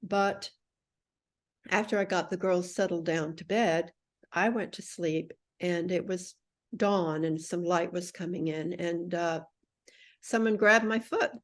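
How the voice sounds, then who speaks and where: A middle-aged woman guest on a podcast, telling a personal story with lively acted-out quotes. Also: on the low side, a little slow. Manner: animated storyteller acting out quoted voices.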